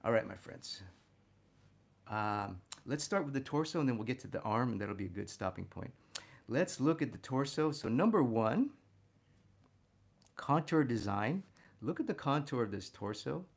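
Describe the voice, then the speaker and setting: A man teaching a figure drawing lesson as he sketches, talking warmly to viewers as "my friends" and getting excited about the details he spots. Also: medium pitch, normal speed, creaky, pauses often, husky. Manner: enthusiastic, talks to "my friends" while drawing. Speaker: art instructor.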